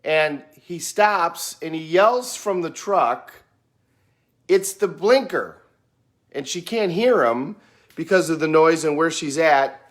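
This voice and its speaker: A middle-aged American man talking in an unhurried, folksy way, musing on life and telling a story with plenty of fillers. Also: fairly high pitch. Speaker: speaker sharing reflections. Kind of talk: casual reflective monologue.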